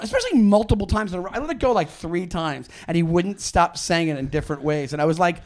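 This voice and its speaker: Heated, swearing man with a lively voice. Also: sits high, fast. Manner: heated, profane storytelling. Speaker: comedian guest. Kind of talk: casual podcast chat.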